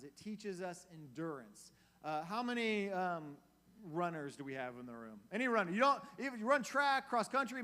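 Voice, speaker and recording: A man's voice: high-pitched, a bit bright. A man giving a casual, conversational sermon as a youth pastor, asking his audience questions. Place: church hall. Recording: long reverb of a church hall.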